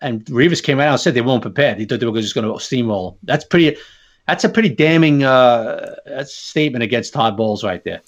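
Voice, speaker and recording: A man co-hosting a sports podcast in casual chat, laughing often and filling pauses with "uh.". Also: mid-range voice, animated, lo-fi sound. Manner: laughs often, trails off with fillers. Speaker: podcast co-host.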